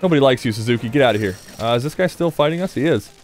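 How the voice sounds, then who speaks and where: A man's voice: mid-range voice, expressive, rapid-fire. A man casually commenting on his own gameplay, chatting, swearing and talking to the monster as he plays. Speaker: let's play gamer.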